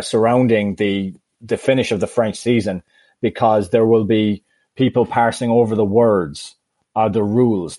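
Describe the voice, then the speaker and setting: A man's voice: lowish voice, warm tone, dry recording. A man co-hosting a soccer podcast in casual chat, wry and easily exasperated, with hesitant fillers. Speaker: podcast co-host.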